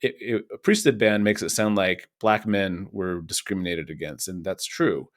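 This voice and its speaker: A man's voice: sits low, fairly even intonation, moderate pace. A man co-hosting a news podcast, explaining earnestly and at length with many restarts. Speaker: podcast co-host. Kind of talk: casual news discussion.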